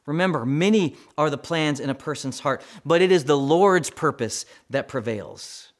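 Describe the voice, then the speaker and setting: A man preaching a sermon with dramatic swings between loud emphasis and near-whispers, acting out quoted prayers. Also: a little high, lively intonation, normal speed. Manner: acts out quoted voices in prayers. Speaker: pastor.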